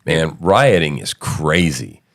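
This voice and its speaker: A man's voice: a bass voice, animated, slow pace, noisy background. A man hosting a podcast, talking in casual, profane, joking commentary. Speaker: podcast host.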